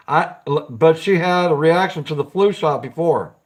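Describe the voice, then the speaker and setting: A man's voice: on the high side, a little slow. A man hosting a casual live stream, chatting with viewers, greeting them by name and giggling often.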